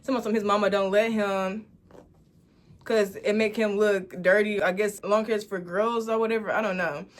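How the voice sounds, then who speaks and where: A woman in her twenties from Dallas, telling a casual storytime to her viewers with animated, dramatic delivery. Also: medium pitch, normal speed. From Dallas, Texas, USA. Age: 20s. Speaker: storytime vlogger.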